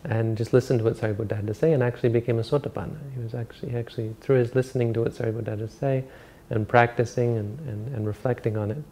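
A man giving an informal Buddhist dharma talk as a monk teacher, rambling and halting with many restarts and self-corrections. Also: mid-range voice, fairly even intonation, dark tone.

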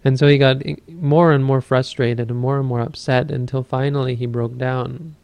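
A man who teaches Buddhism, giving a dharma talk and telling a story in a calm, measured way. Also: mid-range voice, vocal fry, dry recording.

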